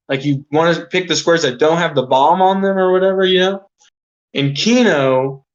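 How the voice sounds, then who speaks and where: A man in his thirties spins a long, rambling story in an off-the-cuff way, swearing freely and leaning on "like". His voice sits a bit high for a man. The recording sounds dull and lo-fi. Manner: rambling, swears a lot, many "like" fillers. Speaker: interview guest. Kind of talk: casual storytelling.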